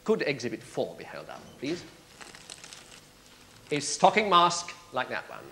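An actor playing a sharp, sardonic prosecutor cross-examining a witness in a courtroom drama. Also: male voice, mid-range voice, wildly swooping pitch, measured pace, a little hiss or hum, full character voice. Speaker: prosecuting barrister.

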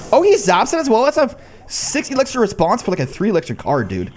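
Very high-voiced excitable male gamer. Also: quick pace, soft background music. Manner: excitable, shouting reactions and teasing banter. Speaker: gaming video host. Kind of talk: live gameplay commentary.

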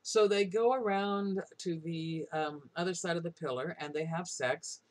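A woman's voice: on the low side, a little slow. Woman lecturer retelling a myth, casual. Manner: casual storyteller, frequent fillers.

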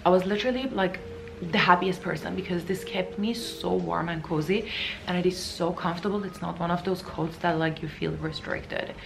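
A woman's voice: lowish voice, fairly even intonation, normal speed, gravelly, over music, rough recording. A woman in her thirties chatting casually to her viewers in a lifestyle vlog, gushing and full of fillers. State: out of breath. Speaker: lifestyle vlogger. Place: in a car.

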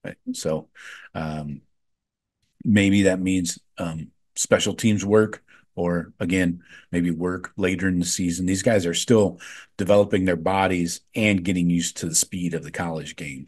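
A man's voice: low-pitched, a little mellow, breathy edge. A man hosting a sports podcast, chatting casually with lots of fillers and frank opinions. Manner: offhand, filler-heavy, gives frank opinions.

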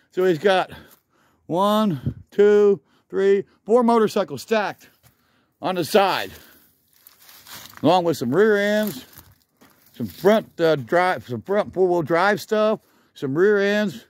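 A man with a fairly high voice narrates as he walks outdoors through a junkyard, holding his camera. He rambles with enthusiasm, calling out vehicles as he passes, and sounds a little out of breath. The sound is dry and close, with no room echo. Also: animated, slow pace, pauses often. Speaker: vlogger. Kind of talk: casual walk-around commentary.

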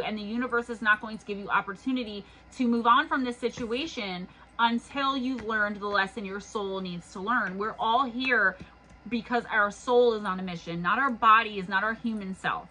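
Woman doing a spiritual tarot reading, kinda hoarse from talking all day, bright sharp voice, urging. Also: fairly high pitch, rough recording. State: losing her voice. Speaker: tarot reader.

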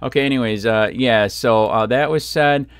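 A man's voice: medium pitch, moderate pace, clean tone, dry recording, clean studio sound. A man vlogging about police, ranting angrily with heavy swearing and sarcasm. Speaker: copwatch vlogger. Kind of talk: angry ranting commentary.

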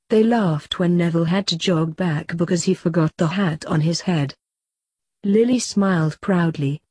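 A woman reads fanfiction aloud in a steady, even way, her voice low and dark with a husky edge. The sound is dry and close, with no room echo. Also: normal speed. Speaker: fanfiction reader.

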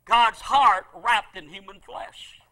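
Very high, bright-voiced preaching man. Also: slow pace, rough recording. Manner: impassioned preaching with repeated phrases; swings between loud emphasis and soft asides. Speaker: pastor. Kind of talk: sermon.

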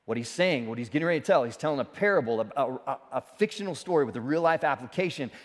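Male pastor, middle-pitched, lively preaching, long hall reverb. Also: fast. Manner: animated preaching with rising emphasis and asides. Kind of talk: sermon. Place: church sanctuary. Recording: church sanctuary with long reverb.

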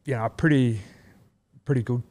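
A man's voice: mid-range voice, fairly even intonation, brisk, a little mellow. An Australian man in his thirties, a rugby league player chatting as a guest, rambling with many fillers and restarts. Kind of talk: casual chat.

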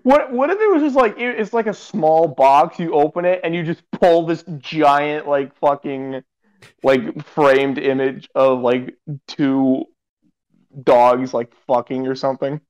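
A young man co-hosting a casual podcast, reacting with quick interjections and laughs. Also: on the high side, a little mellow, poor audio.

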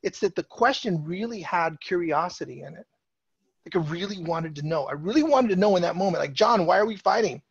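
A man's voice: a little high, lively intonation, a little fast, slightly rough, dry recording. A middle-aged man telling a personal story to an audience in a casual, chatty way, full of fillers and restarts. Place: presentation stage. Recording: dull, slightly lo-fi, dry sound.

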